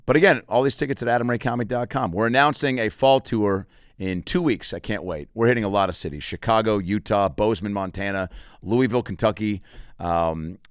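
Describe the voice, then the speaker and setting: With a smooth, lowish voice captured in clean studio quality without room sound, a male comedian and podcast host rambles crudely. Self-promotion for his shows mixes with jokey asides in this casual monologue.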